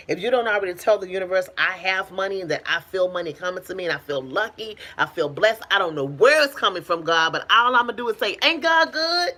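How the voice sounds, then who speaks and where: A woman spiritual healer talking straight to camera in a casual, preachy way. Her voice sits low, and she speaks with bursts of emphatic excitement and easy laughter. Her talk is colloquial and motivational throughout. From United States. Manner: preachy, emphatic, animated exclamations.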